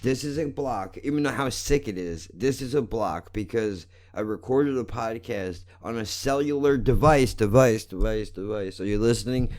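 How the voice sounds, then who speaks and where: A man ranting angrily and profanely into his podcast mic at home, repeating himself and swinging between shouting and muttering. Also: medium pitch, expressive, normal speed, hardly any pauses. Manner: loud, repetitive, swearing, swings from shouting to muttering. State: agitated. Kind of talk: angry profane rant. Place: home, living room.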